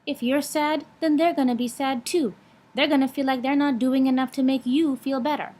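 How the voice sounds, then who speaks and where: A woman's voice: sits high, steady tone, moderate pace, a little mellow. A young woman vlogging in a blunt, frank way, swearing freely while she lectures and gives advice. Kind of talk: casual vlog talk.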